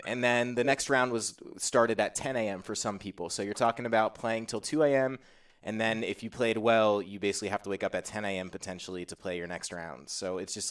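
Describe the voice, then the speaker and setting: Low-voiced man talking from a distance. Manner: rambling with many fillers and restarts. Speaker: podcast host. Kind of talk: casual panel discussion.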